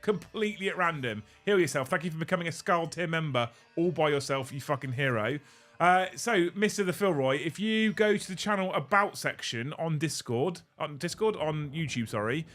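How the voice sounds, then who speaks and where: A young man with a fairly high-pitched voice runs a live stream. He banters with his chat, swears casually and breaks into laughs, with faint music under him. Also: lively intonation, normal speed, a bit bright. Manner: joking, swearing, thanking viewers, laughing a lot. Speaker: livestream host.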